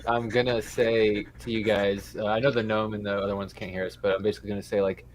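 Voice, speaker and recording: Lowish-voiced rambling player man. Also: flat delivery, quick pace, a little hiss or hum. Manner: rambling, hesitant, with lots of fillers. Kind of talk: casual tabletop play.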